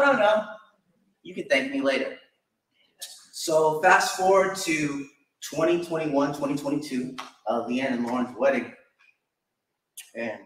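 A young man giving a personal memorial tribute, telling stories and chuckling fondly. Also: fairly high pitch. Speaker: eulogy speaker. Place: church sanctuary. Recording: echoey church from far off.

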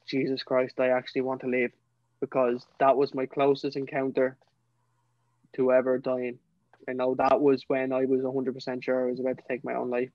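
A man's voice: medium pitch, dry recording, highs cut off. A young man with a Dublin Irish accent, a podcast guest telling his personal story in an earnest, emotional way, often saying "you know". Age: young adult.

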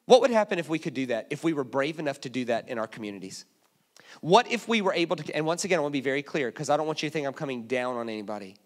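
A man preaching a sermon in a church, telling humorous stories and dropping suddenly to hushed asides. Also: fairly high pitch, animated, very fast. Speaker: guest preacher. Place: church auditorium.

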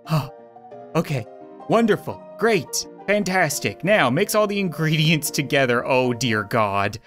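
A woman giving comedic let's-play commentary, swinging between panicked squeals and dry sarcastic calm. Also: sits low, measured pace, faint music behind. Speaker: gaming video host.

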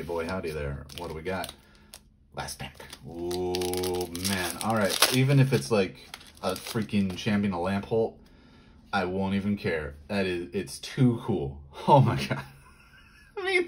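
Excitable man opening card packs. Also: slight background noise. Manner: excitable, yelping in high bursts; rattles off card text quickly. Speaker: card pack opener. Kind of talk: casual pack-opening commentary.

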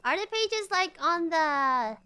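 Excitable female game streamer at home: high, lively voice with jumpy shrieks. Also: slow. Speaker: VTuber streamer. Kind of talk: casual gameplay commentary.

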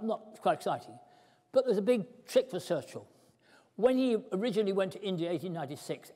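An older man giving an animated lecture, acting out the story with props as he tells it. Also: high-pitched. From Britain. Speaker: speaker at a historical society talk. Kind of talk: lively lecture with demonstrations. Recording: hall reverb.

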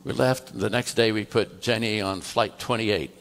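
Gravelly-voiced male pastor telling a story. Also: on the low side, steady tone, normal speed. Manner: conversational, tells a story through quoted dialogue. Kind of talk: storytelling sermon. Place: church.

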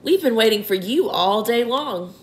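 A woman's voice: on the high side, lively intonation, normal speed, a little hiss or hum, lightly acted. A woman voicing a friendly old male grasshopper in a storybook reading. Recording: roomy echo.

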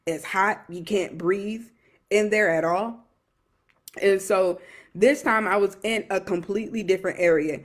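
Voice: mid-range voice, unhurried. A young adult minister giving an emotional personal testimony, earnest and repetitive, with many fillers and restarts.

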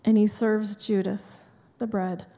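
A woman's voice: medium pitch, level tone, takes it slowly, mellow. Woman preaching in an echoing church. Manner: conversational, chatty asides to the congregation. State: dry mouth from allergy medicine. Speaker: pastor. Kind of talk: sermon. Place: church sanctuary. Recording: long hall reverb in a church.

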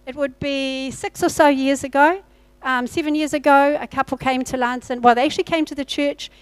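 A woman pastor tells a personal testimony from the pulpit in a high, bright voice. She acts out her own past dialogue as she goes. The sound is dry and close, with little room echo. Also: clean tone. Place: church.

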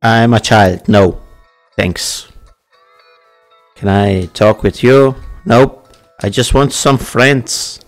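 A man's voice: lowish voice, very slow, pauses often, faint music behind. A young man hosting a casual let's-play, who laughs often and speaks with non-native phrasing. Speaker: gaming channel host.

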